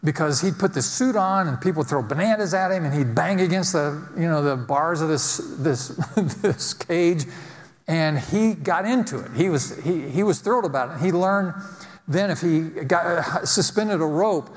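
Male preacher, fairly high voice, casual storytelling sermon, rhetorical questions, long reverb of a church hall. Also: moderate pace. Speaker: pastor.

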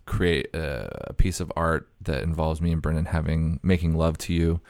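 A man co-hosting a comedy podcast, speaking in a deadpan mock-serious way on a prank call. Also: very deep voice, moderate pace, no echo. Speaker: podcast co-host. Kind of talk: casual comedic chat, prank phone call.

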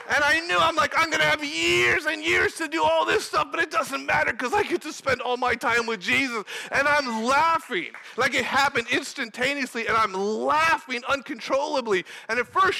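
A young man preaching, telling a personal testimony in an animated, storytelling manner that breaks into shouting. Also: extremely high pitch, moderate pace, vocal fry. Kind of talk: sermon testimony.

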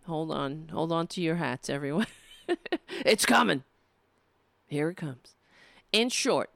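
A woman's voice: sits low, expressive, measured pace, creaky, long pauses, a bit bright, no echo. A young adult woman hosting a political show from home, reading an op-ed aloud and breaking in with sarcastic, profane commentary while losing her voice. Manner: sarcastic, profane, interrupts herself.

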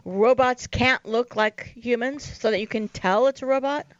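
A woman co-hosting a talk radio show, chatty and quick to interject. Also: a little high, dry recording, highs cut off.

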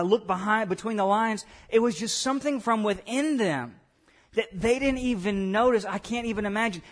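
A man preaching a sermon, acting out voices of God and the believers as he tells the story. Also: high voice. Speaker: pastor.

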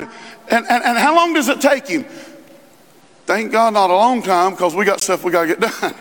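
High-voiced preacher in a big hall. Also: male voice, fairly bright tone. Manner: conversational preaching, quick asides, rising emphasis. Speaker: pastor. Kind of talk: sermon. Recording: long reverb in a large hall.

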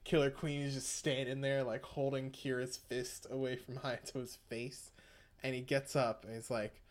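A man's voice: mid-range voice, level tone, normal speed. A man retelling an episode in casual chat, rambling, swearing and laughing often.

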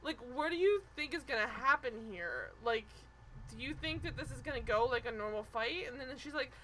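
Bright-voiced woman, animated recap chat. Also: sits high, a little fast, slight background noise, rough recording. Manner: animated, swearing, mimics people she discusses. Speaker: podcast co-host.

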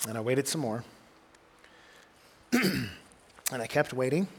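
A man's voice: medium pitch, slow pace, a little hiss or hum. A young adult man, preaching a sermon as a groups pastor in a conversational storytelling way. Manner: conversational storytelling, drops to quiet intensity.

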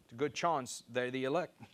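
A man preaching a sermon, reading scripture and repeating key phrases for emphasis. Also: moderate pace. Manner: emphatic, repeats key phrases, rises in pitch to stress points.

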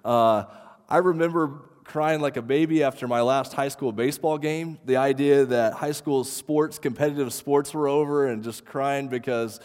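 A man's voice: mid-range voice, moderate pace, a little mellow, smooth. Reverberant conversational male pastor. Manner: conversational, self-deprecating, with fillers. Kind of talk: sermon. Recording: reverberant hall.

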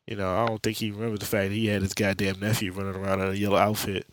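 A man's voice: fairly low pitch, flat delivery, very fast, no echo. A young man hosting a podcast, recapping a comic book story in streetwise slang with jokes and lots of profanity. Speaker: podcast host.

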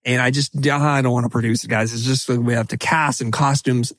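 A middle-aged man talking as a podcast guest in an animated, emphatic way, often breaking into quick quoted asides. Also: mid-range voice, no echo. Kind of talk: animated conversational podcast talk.

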